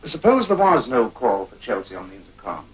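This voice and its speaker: An actor playing a cool, needling private eye in a 1950s crime film, dry and sardonic. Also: male voice, mid-range voice, big pitch swings, brisk, slightly rough, rough recording.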